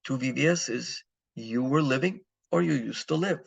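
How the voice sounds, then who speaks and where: A man's voice: mid-range voice, moderate pace, gravelly, slightly rough, no room sound, dull audio. A man teaching a recorded grammar lesson, explaining step by step and answering his own questions. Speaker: Spanish teacher.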